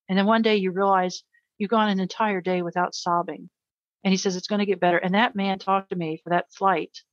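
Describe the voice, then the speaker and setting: A middle-aged woman speaks as an interview guest, her voice sitting somewhat low. She tells her story earnestly, often repeating words for emphasis. The sound is dry and a little dull, like remote call audio. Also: no echo. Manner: earnest, emotional storytelling with repetitions.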